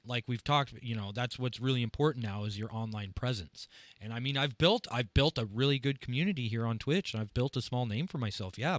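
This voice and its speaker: A man hosting a podcast about drumming, talking casually and rambling in long, halting sentences. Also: mid-range voice, a bit bright, no room sound. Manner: rambling, full of fillers and restarts. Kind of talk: casual interview chat.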